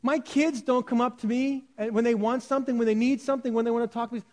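A man's voice: very high voice, fairly even intonation, quick pace, a little mellow. A middle-aged man preaching a sermon in a church, talking plainly and now and then mimicking pompous prayers. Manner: conversational preaching with mock-pompous quoted prayers. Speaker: pastor. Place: church hall.

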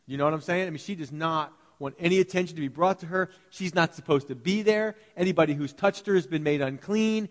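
A man preaching a sermon as pastor, in a lively, conversational way, acting out short voices as he tells the story. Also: on the high side, fast talker, few pauses, in a large hall. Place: church sanctuary.

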